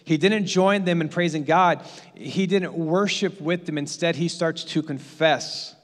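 A man's voice: fairly high pitch, measured pace. Emphatic preaching man in a reverberant hall. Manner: emphatic, repetitive preaching cadence. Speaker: pastor. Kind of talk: sermon.

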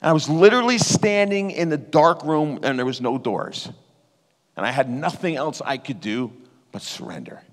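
A man's voice: a little high, lively intonation, moderate pace. Earnest man preaching in a reverberant hall. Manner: earnest, conversational, emotional storytelling. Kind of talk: sermon with personal testimony.

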